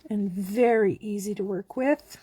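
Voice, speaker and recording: Slow, chatty woman crafting. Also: medium pitch, slightly rough. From Canada. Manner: chatty, relaxed, talks while working. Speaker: card-making demonstrator. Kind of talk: casual craft tutorial.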